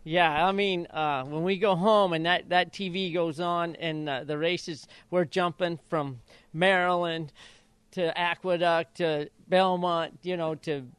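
Older man, former jockey, smooth slightly high voice, chatty storyteller who acts out quotes, dry close mic. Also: steady tone, a little slow, a bit bright, no echo. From Idaho. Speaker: retired jockey and father of jockeys. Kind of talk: casual interview storytelling.

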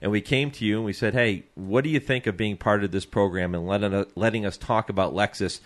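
A man hosting a radio talk show, easygoing and chatty and quick to laugh. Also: on the low side.

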